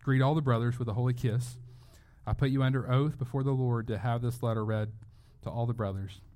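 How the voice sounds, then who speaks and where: A man's voice: medium pitch, steady tone, fairly quick, mellow. A man preaching a sermon as pastor, earnest and emphatic, often restarting his phrases.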